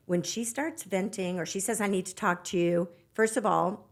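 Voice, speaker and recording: A woman's voice: mid-range voice, moderate pace. A woman relationship coach giving earnest, emphatic advice in a podcast conversation, acting out quoted lines as she goes.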